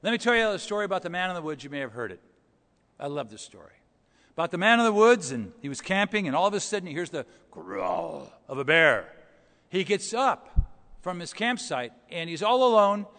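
A male pastor preaching a storytelling sermon, dropping to quiet asides and rising to loud, emphatic points. His voice sits a little high and rings with a long church reverb. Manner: storytelling, swings between soft and loud.

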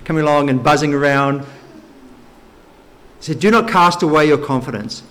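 A man preaching a sermon, teaching slowly and emphatically through Bible verses. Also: on the high side, fairly bright tone. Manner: slow, emphatic Bible teaching with occasional light laughs.

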